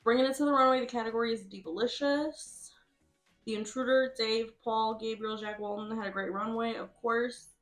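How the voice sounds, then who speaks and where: A woman's voice: a little high, fairly even intonation, moderate pace, a bit bright, faint music behind. A woman giving casual, chatty commentary over a game, laughing often and swearing freely. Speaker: host.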